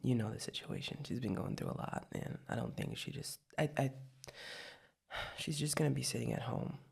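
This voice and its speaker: A woman's voice: very deep voice, moderate pace, vocal fry, darkish tone, slightly rough, full character voice. A woman in whispered role-play as a young adult girlfriend, talking in a hesitant, rambling way with lots of restarts. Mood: sleepy, tender.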